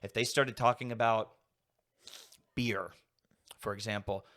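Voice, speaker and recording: Young man, podcast guest, somewhat low voice, loose rambling chat, lots of filler words. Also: steady tone, a little slow, fairly bright tone. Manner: rambling, heavy use of "like" fillers. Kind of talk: casual conversation.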